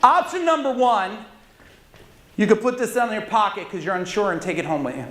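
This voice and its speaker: A man giving a live motivational stage talk to an audience, intense and commanding, calling for shouted answers. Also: high voice, expressive, fairly quick. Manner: intense, commanding, leads audience call-and-response. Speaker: motivational speaker. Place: large conference hall with audience. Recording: echoey hall.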